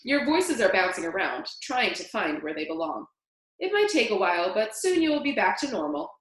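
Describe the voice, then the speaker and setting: A woman voicing a folksy, friendly older school cook in a storybook reading, with high sing-song lines. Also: very animated, normal speed, echoey room, natural voice, rough recording. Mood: reassuring.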